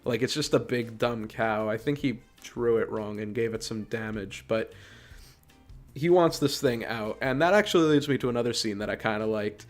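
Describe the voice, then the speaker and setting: A man's voice: medium pitch, normal speed, soft background music. A man hosting a podcast, giving a casual, sarcastic and exasperated review of a movie.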